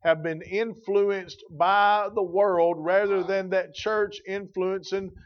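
A man's voice: high voice, steady tone, takes it slowly, muffled recording. A man preaching a sermon as pastor, emphatic and repeating key phrases for weight.

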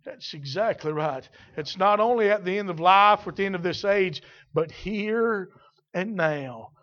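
A male preacher with a high voice delivers a sermon, shifting from calm, quiet explanation to loud, slow, shouted passages. The recording sounds muffled and dull. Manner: swings from quiet teaching to shouted, drawn-out exclamations.

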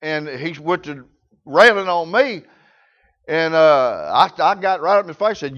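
A man's voice: a little high, lively intonation, a little slow, a bit bright, highs cut off. A man preaching a sermon, telling folksy stories in rural grammar.

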